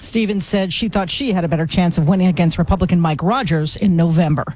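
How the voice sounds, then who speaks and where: Woman news anchor for a radio bulletin; brisk scripted read, dry close sound. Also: fairly low pitch, no room sound, poor audio. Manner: brisk, even newsreader delivery.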